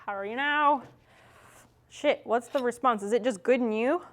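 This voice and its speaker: A woman's voice: a little high, normal speed. Casual young woman streamer chatting. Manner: chatty, casual, swears freely. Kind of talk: casual chat with chat while working.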